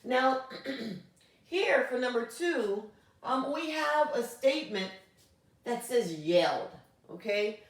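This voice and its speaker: A woman's voice: a little high, lively intonation, slow. A woman teacher giving a grammar lesson, explaining patiently and often checking in with "okay?". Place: classroom. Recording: very echoey room, voice from far off.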